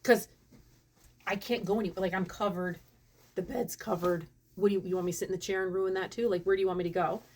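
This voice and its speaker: A woman in her thirties, talking straight to camera as a vlogger, in a casual storytelling voice. Her delivery is chatty and animated. She often breaks off mid-sentence and starts again. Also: medium pitch, fast. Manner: chatty, animated, self-interrupting.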